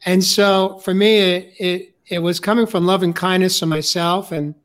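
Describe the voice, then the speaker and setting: An older man, a life coach, talking earnestly in casual conversation, halting with fillers. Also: sits high, fairly even intonation, a bit bright.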